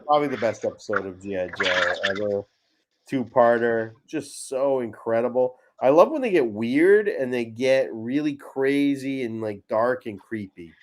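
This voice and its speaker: A man hosting a casual podcast chat, animated and crude, often cutting himself off. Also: medium pitch, moderate pace. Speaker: podcast host.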